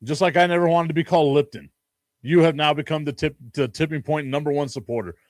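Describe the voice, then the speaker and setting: A man's voice: on the high side, steady tone, fast, no room sound, studio quality. Joking male sports talk host. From Chicago. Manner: joking, rambling, laughs often. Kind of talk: casual sports talk stream.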